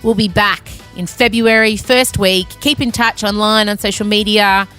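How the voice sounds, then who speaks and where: A woman's voice: medium pitch, fairly even intonation, moderate pace, fairly bright tone, faint music behind. A woman hosting a podcast, talking casually and effusively, rambling a little with self-aware asides. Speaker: podcast host. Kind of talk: casual end-of-season sign-off chat.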